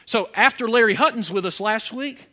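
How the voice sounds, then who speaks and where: A pastor preaches a sermon in a high, sharp-toned voice at a moderate pace. He puts questions to the congregation in call-and-response fashion, his emphasis rising as he builds to forceful points.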